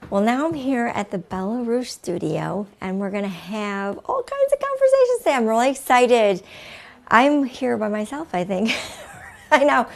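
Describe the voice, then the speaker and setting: A woman's voice: a little high, very animated, moderate pace, gravelly, slight background noise. Chatty woman hosting a beauty show. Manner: chatty, talks to viewers at home. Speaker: host.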